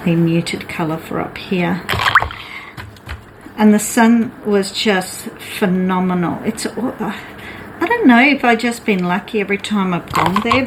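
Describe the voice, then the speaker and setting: Woman, slow chatty artist, low-ish voice, rambling aloud, noisy background. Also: vocal fry. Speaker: artist sketching on camera. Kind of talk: casual chat while drawing.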